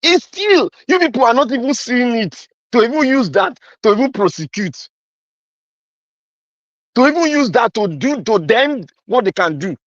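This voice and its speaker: A man's voice: very high-pitched, very animated, normal speed, no room sound, dull audio. A man with a Nigerian accent delivering an angry, accusing political rant, repeating himself and slipping into pidgin. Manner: mixes in pidgin. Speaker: commentator.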